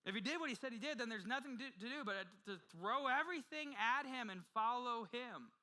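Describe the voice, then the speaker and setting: A male pastor preaching a sermon with passion, swinging from loud urgency to hushed intensity and often restarting his phrases. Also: extremely high pitch, expressive, brisk, rough recording. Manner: frequent repeated restarts. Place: church.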